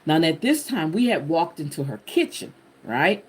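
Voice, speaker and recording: A woman host telling a personal testimony to her viewers in an animated, expressive way, talking to them directly. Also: sits low, normal speed, slightly rough. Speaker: channel host sharing a personal story.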